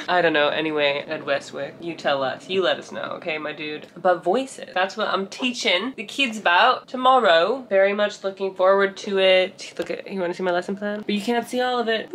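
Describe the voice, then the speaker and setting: A woman's voice: medium pitch, a bit bright, a little hiss or hum. Chatty, playful Canadian woman vlogging at home. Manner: chatty, playful, slips into put-on accents. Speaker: vlogger and writing teacher. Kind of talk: casual vlog chat. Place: bedroom at home.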